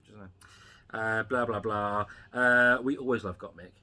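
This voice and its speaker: A man co-hosting a casual review chat, talking quickly with asides and frequent laughter. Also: on the low side, steady tone, sharp tone. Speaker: podcast co-host.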